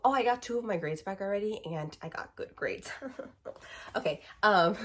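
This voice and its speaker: A young woman in her twenties reviews books in a loose, casual rant, words tumbling out quickly and padded with "like." Her voice sounds husky, and she is still getting over a cold. Her pitch sits in a middle range for a woman. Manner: fast, animated ranting full of "like". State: recovering from a cold. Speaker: book vlogger. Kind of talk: casual ranting book review.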